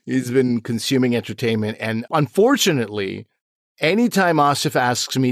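A man's voice: mid-range voice, animated, normal speed, dry recording. A man from Montreal, a comedian co-hosting a podcast, chatting casually with teasing, dry jokes. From Montreal, Canada. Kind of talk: casual chat.

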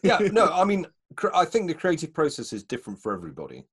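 A man co-hosting a comedy sketch show, chatting in a relaxed, rambling way. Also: a little high, quick pace, breathy edge. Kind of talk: casual chat.

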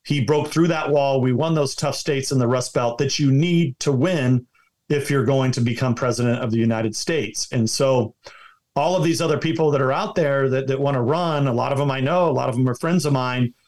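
Man, political interview guest, emphatic, repeats himself, mid-pitched voice. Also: normal speed, a little mellow. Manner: emphatic, repetitive restarts, partisan.

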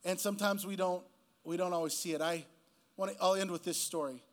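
A man serving as a guest pastor preaches a sermon, telling a story casually before building to a slow, emphatic close. His voice is high with fairly even intonation.

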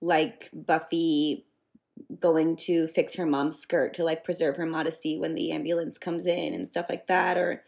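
A woman's voice: sits low, level tone, unhurried, gravelly, darkish tone. A woman co-hosting a podcast, gushing emphatically about an episode and swearing freely. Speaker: podcast co-host. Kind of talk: casual podcast chat.

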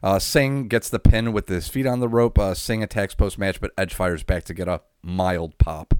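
A man's voice: deep voice, steady tone, moderate pace, darkish tone, clean tone, no room sound, studio quality. A man co-hosting a podcast, casually recapping a wrestling event blow by blow with lots of filler and swearing. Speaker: podcast co-host.

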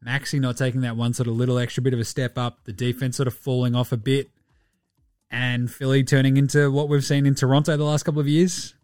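A man's voice: mid-range voice, little pitch movement, quick pace, darkish tone, no echo. A man with an Australian accent hosting a podcast in casual sports chat, blunt and sweary, often mocking others in put-on quotes. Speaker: podcast host.

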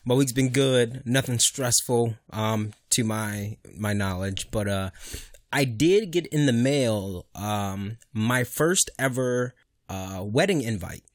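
A man's voice: mid-range voice, takes it slowly, no echo, clean studio sound. A young man co-hosting a podcast, chatting casually and rambling, often laughing and swearing. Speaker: podcast co-host. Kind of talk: casual chat.

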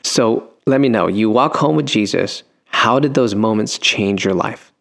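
A man's voice: fairly low pitch, a little slow, gravelly, a bit bright. A man hosting a faith radio interview, affirming and encouraging as he asks questions. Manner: affirming, brief encouraging responses. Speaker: radio show host.

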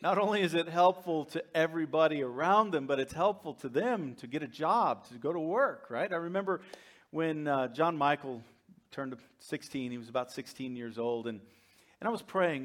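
Humorous high-voiced male pastor. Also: lively intonation, moderate pace. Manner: humorous, conversational, laughs with the congregation. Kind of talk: sermon.

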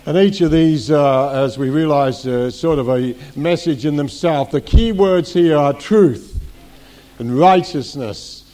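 A man's voice: a little high, a little slow, dark tone. A middle-aged man, senior pastor of a church, preaching a teaching sermon to a congregation, repeating key phrases and asking rhetorical questions.

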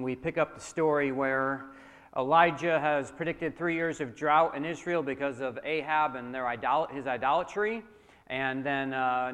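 In a church hall with long reverb, a male pastor gives a sermon and reads scripture aloud with dramatic flair. His mid-range voice is clear and resonant, and he drops to a soft tone for prayer.

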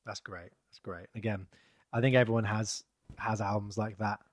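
A man, chatting casually as a podcast co-host, rambling and trailing off softly. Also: lowish voice, little pitch movement, normal speed, dry recording, clean studio sound. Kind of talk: casual chat.

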